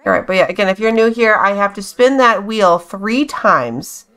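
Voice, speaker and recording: A woman's voice: mid-range voice, lively intonation, moderate pace, fairly bright tone. A young woman giving casual, amused commentary on a life-sim game, chatting to the characters on screen as she plays. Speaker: gaming YouTuber.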